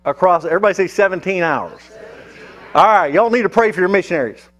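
A man's voice: sits high, quick pace, fairly bright tone. A male pastor telling a mission story in a sermon, with fillers and restarts. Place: church.

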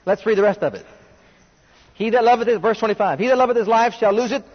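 A man's voice: high voice, fast, breathy edge. A man preaching a fervent sermon, reading scripture and rising to emphatic bursts. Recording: long hall reverb, dull lo-fi sound.

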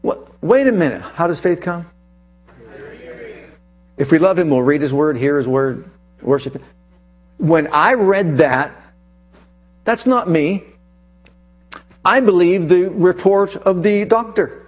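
A male preacher giving an animated sermon, telling a personal story and reading scripture aloud with emphasis. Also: on the high side, measured pace, pauses often.

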